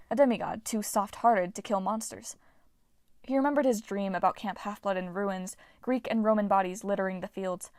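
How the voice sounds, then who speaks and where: A woman reading an audiobook at a mid pitch, expressive and steady. The recording is dry, with no room sound. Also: dry recording. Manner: expressive, voices each character. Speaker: audiobook narrator. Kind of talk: audiobook narration.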